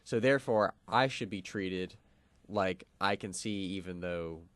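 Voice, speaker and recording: A man's voice: low-pitched, a little slow, fairly bright tone, no echo. A young man co-hosting a college radio show, explaining a philosophical argument with lots of fillers and restarts. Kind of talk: casual philosophical discussion.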